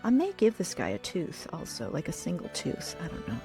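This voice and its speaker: A deep-voiced woman, pitch swooping wildly and pace a little fast, talks over loud music while building a puppet for her livestream audience. She hosts casually, thinking aloud, often letting sentences drift off into murmurs.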